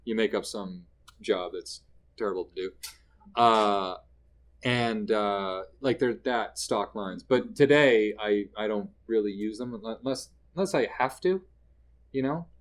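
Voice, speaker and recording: This Canadian man speaks at a measured pace in a lowish register. Appearing as a comedian guest in a casual interview, he tells lively stories and acts out the people he quotes mid-story.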